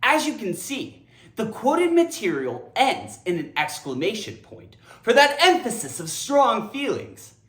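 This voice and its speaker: Woman grammar teacher, playful lesson, very lively swooping pitch, slow deliberate pace, slightly high voice, echoey room. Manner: animated, theatrical, addresses viewers directly.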